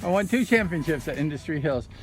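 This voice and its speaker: A man's voice: fairly high pitch, expressive, fast talker. A man, a former motorcycle racer, telling amused stories in a casual vlog, speaking outdoors by the ocean. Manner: chatty, amused, self-deprecating storyteller. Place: outdoors by the ocean at low tide with his dog. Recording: background music under the voice.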